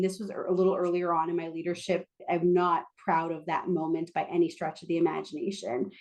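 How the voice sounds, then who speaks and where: Podcast guest, woman, lively candid storyteller, mid-pitched, self-mocking. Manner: animated, self-deprecating, quick asides. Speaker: interview guest.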